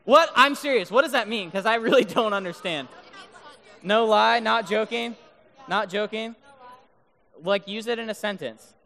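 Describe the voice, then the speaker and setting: A man giving a lively sermon to a live crowd, joking and keeps checking in with the crowd by asking "right?". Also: high voice, moderate pace, creaky, pauses often. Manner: mock-incredulous joking. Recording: long reverb of a big hall.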